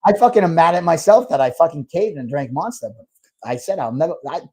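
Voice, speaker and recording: A man's voice: fairly high pitch, lively intonation, fairly quick, a little mellow, slightly rough. Rambling, foul-mouthed male podcast host. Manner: rambling, heavy swearing, lots of "like". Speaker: restaurant owner. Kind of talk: casual storytelling chat.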